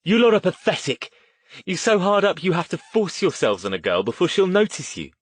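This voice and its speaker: A man's voice: high-pitched, very animated, fairly quick, breathy edge, no room sound, pitched above the performer's own voice, exaggerated voice. A man voicing a frightened teenage boy who turns defiant and blurts things out when stressed.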